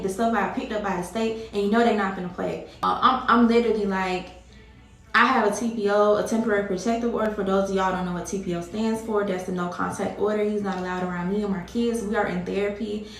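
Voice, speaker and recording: A woman's voice: mid-range voice, creaky, fairly bright tone, recorded from a distance. A woman vlogger telling a personal story to her viewers in a casual, emphatic way, repeating herself and addressing them directly. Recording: very echoey room.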